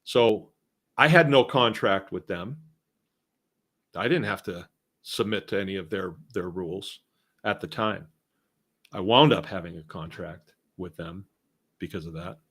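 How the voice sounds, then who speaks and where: His voice sits low and fairly bright, unhurried and full of pauses. He's a middle-aged Massachusetts man hosting a relaxed live stream, reading comments from viewers aloud and rambling with little chuckles.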